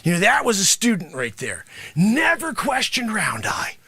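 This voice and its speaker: A man playing a brash, greedy male martial arts sensei in an improvised comedy bit, boasting and berating his students with loud shouted bursts. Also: high-pitched, wildly swooping pitch, moderate pace, breathy edge, no room sound, voice pushed down, heavily acted. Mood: boastful. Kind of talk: improvised comedy character monologue.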